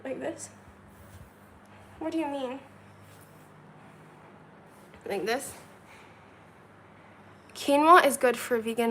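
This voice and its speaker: A woman's voice: fairly high pitch, fairly bright tone, a little hiss or hum, low-quality recording. A woman from China hosting a casual livestream from a hotel room, counting aloud, answering chat questions and laughing often. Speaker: livestream host. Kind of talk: casual live-stream chat.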